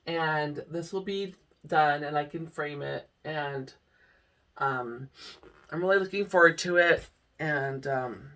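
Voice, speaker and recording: Chatty woman crafter, slow and bright. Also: low-pitched, distant mic. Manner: chatty, rambling, emotional at times, laughs often. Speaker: cross-stitch vlogger. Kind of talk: casual chat to camera. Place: home room.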